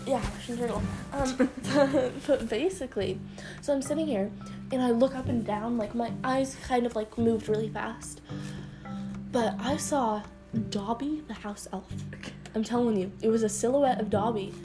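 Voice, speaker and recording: A woman's voice: fairly high pitch, normal speed, low-quality recording. A young woman chatting casually at home, giggly and meandering, with lots of ums. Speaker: vlogger. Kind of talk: casual rambling chat. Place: bedroom at home. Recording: music playing behind.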